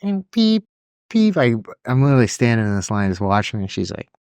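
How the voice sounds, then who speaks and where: A man co-hosting a podcast, chatting casually and telling animated stories, often mimicking people in a higher voice. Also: fast talker, creaky, clean tone, dry recording. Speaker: podcast co-host. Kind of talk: casual chat.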